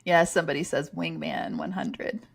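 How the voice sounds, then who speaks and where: Woman podcast host with a low, creaky voice. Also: big pitch swings, normal speed. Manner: amused, laughs often. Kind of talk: casual chat, reading out listener comments.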